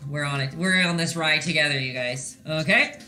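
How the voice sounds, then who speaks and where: A woman with a bright, clear voice walks viewers step by step through a painting on a casual live stream. She is chatty and encouraging and keeps checking in to make sure everyone is following. Faint music plays softly behind her. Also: low-pitched, a little slow. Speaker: painting instructor.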